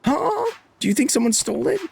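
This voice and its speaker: Brief: sweet worried kid , read high by a male streamer, quick chatter. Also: big pitch swings, creaky, background noise, heavily acted. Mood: eager. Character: young girl, cheerful and caring.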